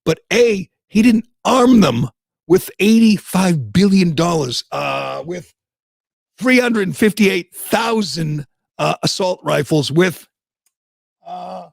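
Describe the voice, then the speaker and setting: A man's voice: high voice, expressive, slow, creaky, dry recording. A man hosting a talk radio show, delivering a heated, sarcastic rant and mocking others in put-on voices.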